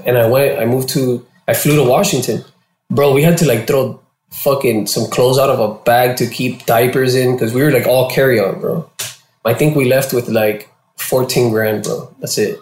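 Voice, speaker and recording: A man from Florida, a guest in an interview, telling his story casually with heavy slang and swearing, and getting animated when he quotes people. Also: medium pitch, normal speed. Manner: profane and slangy, animated when quoting others. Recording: roomy echo.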